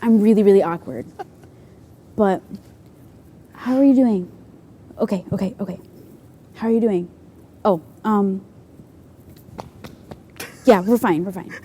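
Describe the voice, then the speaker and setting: A woman's voice: mid-range voice, warm tone, a little hiss or hum, natural voice. A woman impersonating a nervous, awkward male youth leader who halts and apologizes. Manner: halting, apologetic, flustered.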